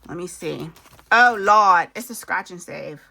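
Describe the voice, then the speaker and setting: A woman's voice: on the low side, moderate pace, gravelly, bright, forceful tone, husky. A woman, chatting casually to viewers as she works through a savings challenge, laughing at herself as she goes. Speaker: budgeting video host.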